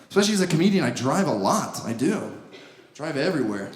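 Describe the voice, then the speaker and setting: A young man doing a stand-up comedy set on a club stage, sarcastic and animated, acting out bits in exaggerated voices. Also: fairly high pitch, quick pace. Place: comedy club stage before a laughing audience. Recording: roomy stage sound with audience noise.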